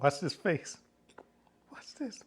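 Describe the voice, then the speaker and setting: A man's voice: takes it slowly, in a whisper. A middle-aged man hosting his home cooking vlog, laid-back and jokey, laughing often as he chats. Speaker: cooking channel host. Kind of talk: casual cooking vlog chat.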